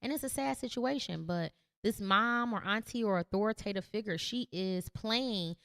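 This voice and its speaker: A woman's voice: medium pitch, moderate pace, fairly bright tone, smooth, dry recording. Woman podcast host, dry close sound. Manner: earnest and emphatic, reacting to a viral clip. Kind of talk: opinionated commentary.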